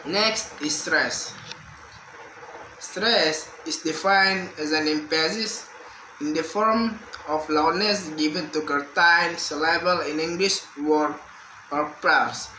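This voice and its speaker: A man's voice: a little high, sharp tone. A young man, a university student reading a prepared exam answer aloud, carefully and with restarts. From Indonesia. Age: young adult. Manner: slow, careful reading with repeated words and restarts. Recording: echoey room with faint background hum.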